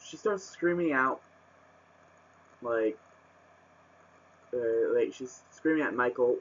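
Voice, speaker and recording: A man's voice: mid-range voice, slow pace, pauses often, a bit bright. A man reviewing a book in a casual vlog, rambling with lots of fillers and restarts, and bursting into exasperated rants. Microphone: webcam microphone. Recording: muffled webcam audio.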